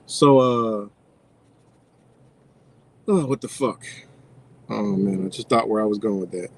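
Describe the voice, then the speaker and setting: A man's voice: lowish voice, slow pace, a little hiss or hum. A man ranting profanely in a casual livestream, rambling and losing his train of thought. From United States.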